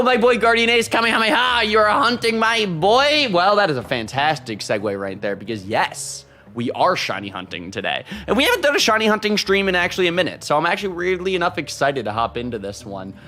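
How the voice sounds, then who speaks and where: A man live-streaming, chatting casually with his viewers and reading out super chats, excitable and quick to laugh. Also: a little high. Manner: excitable, laughs often, loud shout-outs.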